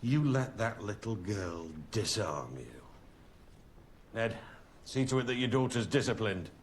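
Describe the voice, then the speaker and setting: An actor playing a blustering middle-aged king who gives gruff, impatient orders. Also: on the low side, expressive, unhurried, a little hiss or hum. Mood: commanding.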